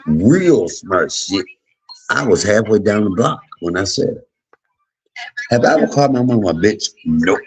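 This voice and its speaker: A man in his fifties talks straight to his livestream viewers in a candid monologue. His voice sits very low with a husky edge, yet his pitch rises and falls in lively swings. He tells his stories bluntly and swears freely. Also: rough recording. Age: 50s. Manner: blunt, profane storytelling. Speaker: livestream host.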